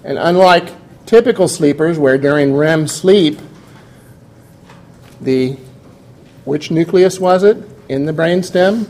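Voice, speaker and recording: A man's voice: a little high, takes it slowly, long pauses, a little mellow. A man giving a classroom lecture, explaining step by step and putting questions to his students.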